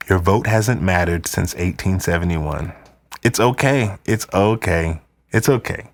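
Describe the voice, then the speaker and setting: A man hosting a live podcast, ranting in an animated, conspiratorial way. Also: low-pitched, unhurried. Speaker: podcast host. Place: indoors, wearing headphones.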